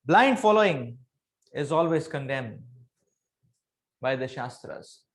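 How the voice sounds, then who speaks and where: A man giving a spiritual discourse as a teacher, earnest, repeating phrases for emphasis and swinging his pitch and loudness dramatically as he tells a story. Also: animated, slow pace.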